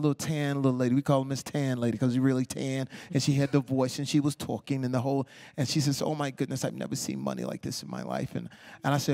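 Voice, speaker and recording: A man telling animated stories as the guest of a live stage interview, acting out the people he quotes. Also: mid-range voice. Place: onstage talk before a live audience.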